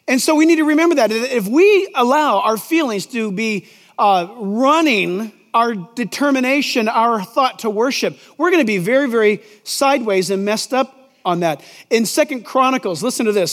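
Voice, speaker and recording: A middle-aged male pastor preaching a sermon in a conversational, emphatic way, reading Scripture aloud in a large sanctuary. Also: extremely high pitch. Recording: long reverb in a large church.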